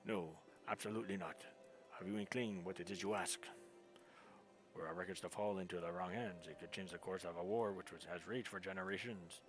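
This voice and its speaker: A man's voice: sits low, fairly even intonation, brisk, over music, natural voice. A man voicing a stern male chief astrologer who firmly refuses.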